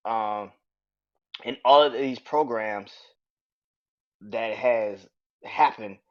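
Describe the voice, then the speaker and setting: A man hosting a podcast, talking casually and excitably about wrestling and swearing freely. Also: lowish voice, extremely slow. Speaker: podcast host. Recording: dull lo-fi sound.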